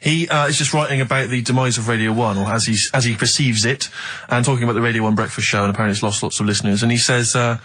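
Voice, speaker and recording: A man's voice: mid-range voice, fairly even intonation, rapid-fire, hardly any pauses, fairly bright tone, poor audio. A man with an English accent co-hosting a radio show, teasing his partner in mock-serious tones. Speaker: radio co-host. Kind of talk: casual radio banter. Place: radio studio. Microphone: studio microphone.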